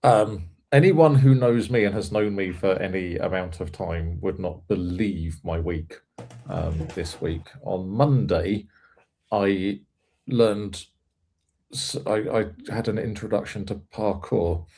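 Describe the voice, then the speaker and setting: A man's voice: low voice, slow pace, mellow. A man hosting a live coding stream, chatting playfully and casually. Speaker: host.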